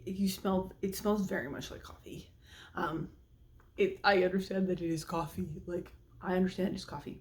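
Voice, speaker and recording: A woman's voice: fairly low pitch, fairly even intonation, moderate pace. A woman, a parent, chatting casually and nervously as she cooks, with many ums and likes. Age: adult parent. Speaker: cooking vlogger. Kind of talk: casual cooking vlog chat.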